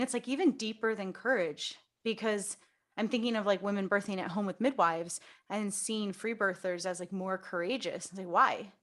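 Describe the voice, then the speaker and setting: A woman's voice: mid-range voice, a bit bright. A woman hosting a podcast interview in a casual, talkative way, often saying "like". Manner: talkative, peppered with "like". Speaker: podcast host.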